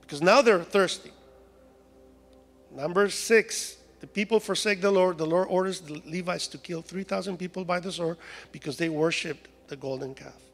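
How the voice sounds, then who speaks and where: A man's voice: high voice, normal speed, vocal fry, big-room sound, soft background music. A man from Mexico with a Mexican Spanish accent, preaching a humorous sermon in a church. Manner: humorous, acts out voices of complaining people. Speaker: guest preacher. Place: church sanctuary.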